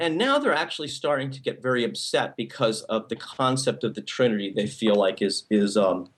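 A male pastor giving a sermon in a conversational style, with many restarts and frequent "okay?" check-ins to the congregation. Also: fairly low pitch.

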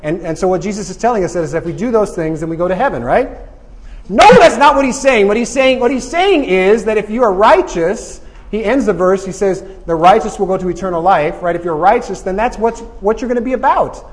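A man leads a Bible study with a lively, joking manner. His voice sits a little high, and he keeps checking in with the group as he teaches. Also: fairly quick, long reverb tail. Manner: energetic, joking, asks "right?" often.

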